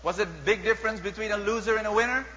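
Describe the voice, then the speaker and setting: Bright-voiced Filipino preacher in a reverberant hall. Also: male voice, high voice, fast talker. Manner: animated, mixing languages, repeats and rhetorical questions to the crowd. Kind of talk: sermon. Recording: dull lo-fi sound with long hall reverb and faint hum.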